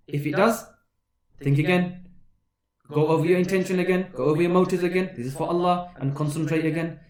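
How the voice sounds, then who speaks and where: A man's voice: a little high, reverberant. A man giving a Ramadan sermon as an imam, asking rhetorical questions and repeating phrases for emphasis.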